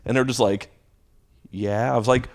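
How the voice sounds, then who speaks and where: A man in his thirties, a stand-up comic and drama teacher, telling stories casually and acting out quotes in a higher pitch. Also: normal speed. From Houston, Texas. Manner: animated storytelling, acting out quotes with a jump in pitch. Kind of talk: casual storytelling.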